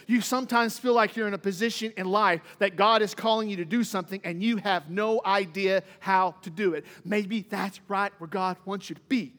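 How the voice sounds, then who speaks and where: Man, pastor, sermon, very high voice, dramatic emphasis, echoing church hall. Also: fairly even intonation, fairly quick, hardly any pauses, fairly bright tone. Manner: preaching with dramatic emphasis, voicing Bible figures. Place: church sanctuary. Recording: long reverb in a hall.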